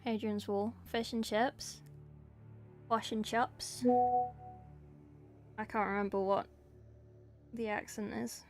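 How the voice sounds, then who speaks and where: A woman's voice: mid-range voice, little pitch movement, measured pace, faint music behind. A woman from England and New Zealand, with an English accent that carries New Zealand traces, chatting playfully with viewers while she paints miniatures and answering the chat in short bursts.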